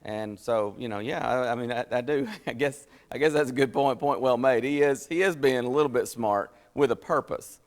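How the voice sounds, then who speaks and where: Speaking at a moderate pace with few pauses, a man teaches a Bible study in a church meeting room. His folksy, explanatory style has him voicing scripture quotes with rising pitch. The recording carries the long reverb of a church hall.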